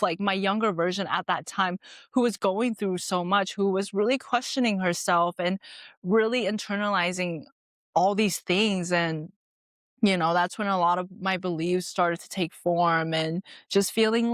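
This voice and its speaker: In clean studio audio with no echo, a young podcast host speaks in a lowish, fairly bright voice. She moved to America when she was ten, and her casual talk flows freely, packed with "like" and "you know".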